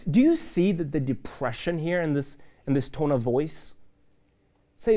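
A man preaching a sermon in a church, conversational and lively, with fillers and asides. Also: on the high side, a little slow. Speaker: pastor.

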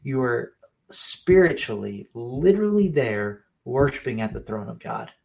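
A man's voice: medium pitch, very animated, unhurried, gravelly, darkish tone. A man who is a pastor, co-hosting a casual faith podcast and explaining his views in a conversational, sometimes emphatic way.

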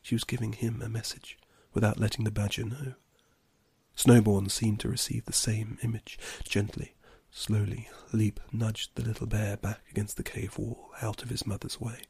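A man narrating an audiobook fantasy story in an even, hushed storytelling manner. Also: on the low side, moderate pace, vocal fry, husky, no room sound. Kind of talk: scripted narration. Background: background music.

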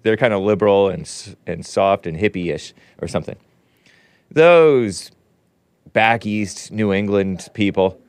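A man's voice: on the low side, measured pace, clean tone, no room sound. Rambling middle-aged male livestream host. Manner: rambling, joking asides with laughs. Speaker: show host. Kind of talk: casual livestream chat. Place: home studio in Los Angeles.

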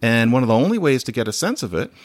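Man, podcast host, animated, chatty, digressive, dry close studio sound. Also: medium pitch, very fast, no echo. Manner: animated, chatty, digressive, laughs now and then. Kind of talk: conversational solo podcast.

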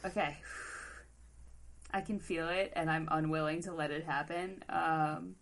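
A woman's voice: low-pitched, fairly even intonation, a little slow, poor audio. A woman co-hosting a podcast, talking in a rambling, earnest, self-deprecating way while near tears. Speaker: podcast co-host. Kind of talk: casual chat.

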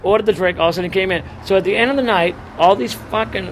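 A middle-aged man from the Boston area with a fairly high voice, rambling through crude, swaggering punk-rock stories. He talks outdoors in front of a bar, and passing cars and loud street traffic fill the background. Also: rapid-fire. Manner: profane, rambling, swaggering storyteller. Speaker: punk singer being interviewed. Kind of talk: casual street interview, storytelling. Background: passing cars and city traffic.

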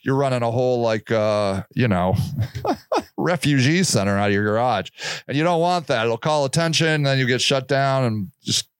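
Blunt, clear-voiced man giving advice. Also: high-pitched, a bit bright, no echo. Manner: blunt, repetitive, acts out quoted people. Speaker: podcast host. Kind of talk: casual advice monologue.

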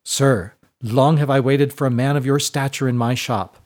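A man's voice: medium pitch, fairly even intonation, normal speed, darkish tone, close to an everyday voice. A middle-aged tailor, deferential and eager to please a wealthy customer, as a man reads him aloud. He speaks politely and carefully. This is a storybook reading. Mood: fawning. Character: fawning middle-aged male tailor, father.

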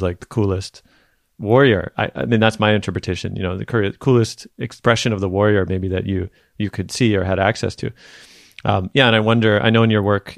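A man's voice: deep voice, vocal fry, no room sound, clean studio sound. A man hosting a podcast, asking long reflective questions and searching for his words. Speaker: podcast host. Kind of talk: interview questions.

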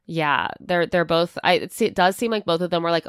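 A woman's voice: on the low side, steady tone, moderate pace, hardly any pauses, clean tone, no room sound, clean studio sound. A woman co-hosting a podcast, chatting casually and filling her talk with "like" while acting out what others might say. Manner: chatty, many "like" fillers, acts out quoted lines. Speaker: podcast co-host. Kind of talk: casual chat about a TV show.

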